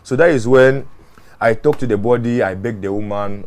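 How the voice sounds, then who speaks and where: A man, a mortuary worker telling his experiences in an interview, earnest and animated, often repeating words and restarting phrases. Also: mid-range voice, moderate pace, a little hiss or hum. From Ghana. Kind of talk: interview storytelling.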